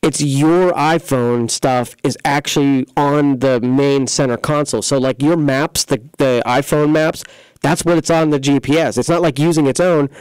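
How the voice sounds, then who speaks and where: Folksy man with a smooth, dry voice. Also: medium pitch, steady tone, normal speed, darkish tone, dry recording, rough recording. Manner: rambling, filler-heavy, folksy sales talk. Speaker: computer repair shop host. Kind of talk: casual local radio-style talk show. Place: studio.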